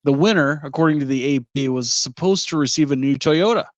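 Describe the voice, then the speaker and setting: A man co-hosting a podcast, retelling a news story in a relaxed, amused way. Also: a little high, brisk, dry recording. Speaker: podcast co-host. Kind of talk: casual podcast chat, reading a news story.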